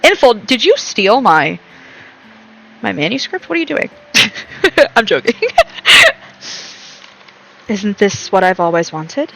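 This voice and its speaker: Young woman reading a game out loud, bright voice, chatty and rambly, laughs a lot. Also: medium pitch, very animated, unhurried, vocal fry, pauses often, poor audio. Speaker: game streamer. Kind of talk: reading game text aloud with casual commentary.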